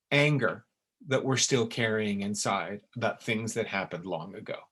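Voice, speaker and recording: A man teaching in a webinar, in an earnest and emphatic way, with sudden lively jumps in pitch. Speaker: essence maker teaching a webinar. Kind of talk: webinar talk. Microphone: webinar recording.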